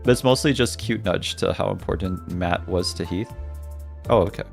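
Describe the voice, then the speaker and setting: His voice is low-pitched with vocal fry, at a normal speed. The young man is streaming a game and reading chat aloud, joking and laughing often in a playful, casual way, with loud game music in the background.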